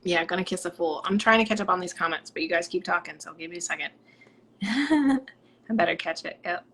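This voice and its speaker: This psychic medium from Rhode Island speaks briskly in a fairly low voice while hosting her live stream, with slight background noise. She chats and reads viewer comments in a bubbly manner, occasionally dropping to soft whispers.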